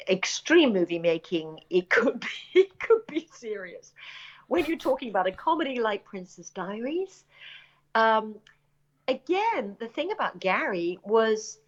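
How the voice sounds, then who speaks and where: Brief: middle-aged British woman, animated storyteller, slightly muffled lo-fi audio. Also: mid-range voice. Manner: animated anecdotes, acts out quoted voices, laughs often. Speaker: actress and screenwriter, interview guest. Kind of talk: casual interview storytelling. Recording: dull lo-fi audio.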